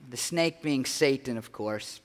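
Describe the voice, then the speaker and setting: A pastor with a mid-range, slightly slow voice preaches a sermon in a church sanctuary. He's earnest and conversational, often restarting his sentences, and the hall adds a long reverb.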